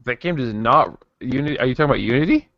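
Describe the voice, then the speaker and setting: A man co-hosting a casual podcast who talks haltingly, repeating words and mumbling. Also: medium pitch, lively intonation, no echo, muffled recording. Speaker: podcast co-host. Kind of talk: casual chat.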